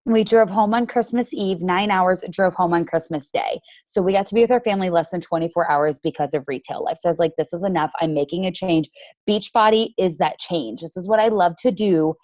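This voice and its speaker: A woman's voice: on the low side, brisk, hardly any pauses, darkish tone, no echo. A woman business coach leading a team training call, chatty and emphatic with a sarcastic streak.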